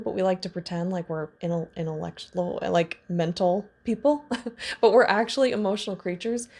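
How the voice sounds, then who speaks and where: A woman in her thirties talks through trauma healing steps as a coach, frank and conversational, often laughing and sharing her own experience. Her voice sits in a middle pitch with a gravelly, fry-edged texture. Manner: warm candid talk with laughs and self-disclosure. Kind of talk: casual teaching monologue.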